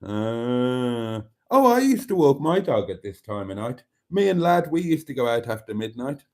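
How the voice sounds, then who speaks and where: Man from Wales with a Birmingham accent, casual and jokey livestream host, frequent throat-clearing. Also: mid-range voice, big pitch swings, moderate pace, darkish tone. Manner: chatty and jokey, clears his throat often. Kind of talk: casual livestream chat reading viewer comments.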